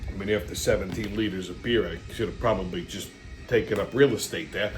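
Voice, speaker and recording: A man's voice: low-pitched, a little fast, faint music behind. A middle-aged man, hosting a show and telling a rambling, blunt story full of swearing and fillers. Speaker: show host. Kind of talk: casual rambling monologue.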